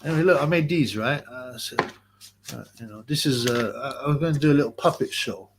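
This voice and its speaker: A man's voice: medium pitch, brisk, background noise. A man hosting a live boxing chat stream, ranting in a mocking, abrasive, rambling way. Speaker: boxing livestream host.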